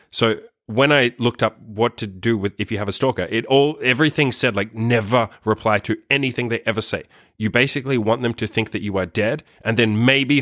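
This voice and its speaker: A man tells a long story straight to camera in a loose, rambling vlog style. His speech is full of "like" and casual swearing, carried on a somewhat low voice. The sound is dry, with no room echo. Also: fairly bright tone. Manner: rambling, profane, heavy use of "like". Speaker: vlogger.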